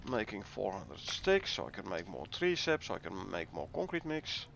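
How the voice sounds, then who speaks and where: Low and gravelly, a Dutch-accented man keeps a moderate pace while casually commentating his game for viewers, greeting them as he plays and explains. Slight background noise is audible.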